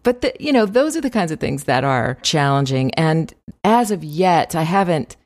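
A woman's voice: low voice, sing-song, normal speed, darkish tone, dry recording, studio quality. A woman voice actress chatting in an interview, talkative and laughing often, with many fillers. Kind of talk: casual interview chat.

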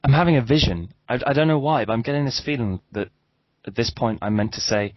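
Male podcast host, low voice, dry teasing humor, deadened lo-fi sound. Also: fairly even intonation, fairly quick, no room sound. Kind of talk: casual podcast chat and tech news.

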